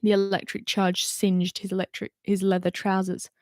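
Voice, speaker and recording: A woman's voice: medium pitch, level tone, moderate pace, no room sound, studio quality. A woman reading a novel aloud and doing voices for the characters, with chatty asides between passages. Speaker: reader.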